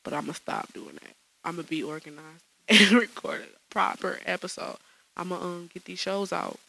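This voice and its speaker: A woman's voice: lowish voice, normal speed, creaky, pushed and bright, low-quality recording. A woman hosting her own podcast alone in a small studio, chatting casually in slang and laughing often. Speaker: podcast host. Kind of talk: solo podcast chat.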